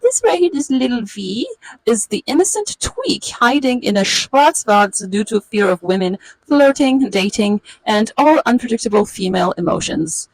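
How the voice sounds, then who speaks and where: A woman's voice: fairly high pitch, very animated, moderate pace, no echo, low-quality recording. A woman in her forties telling a comedic illustrated story in a wry, sarcastic, roasting way. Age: 40s.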